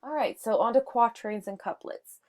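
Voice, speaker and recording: A woman's voice: fairly high pitch, normal speed, darkish tone. A woman teaching a short lesson on poetry, explaining step by step with some fillers and restarts. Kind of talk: microteaching lesson on sonnets.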